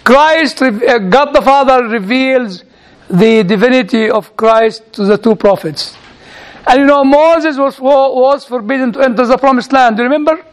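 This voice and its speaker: A man, a priest, gives a storytelling sermon in a halting way, with frequent restarts and playful asides. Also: very high voice.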